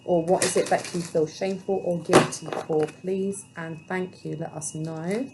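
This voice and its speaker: A woman's voice: fairly low pitch, steady tone, normal speed, heavy background noise. A woman giving a solo tarot reading, musing aloud and questioning the cards as she goes. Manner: musing, talks to herself and the cards. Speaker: tarot reader.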